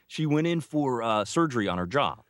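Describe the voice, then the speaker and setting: A man's voice: brisk, dry recording. A man co-hosting a casual chat show, joking and telling stories. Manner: joking, storytelling, animated pitch. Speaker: co-host.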